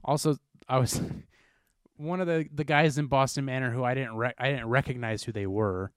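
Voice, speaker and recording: A young American man hosting a casual podcast, telling rambling, animated stories. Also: mid-range voice, normal speed, clear, resonant tone, no echo, clean studio sound. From United States. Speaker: podcast host.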